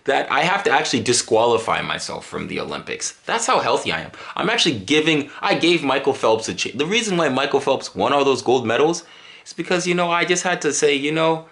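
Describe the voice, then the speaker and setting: Dallas vlogger, man, jokey rambling delivery, lively pitch swings. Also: a little fast, creaky. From Dallas, Texas. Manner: joking, exaggerated, rambling with restarts. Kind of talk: casual comedic monologue to camera.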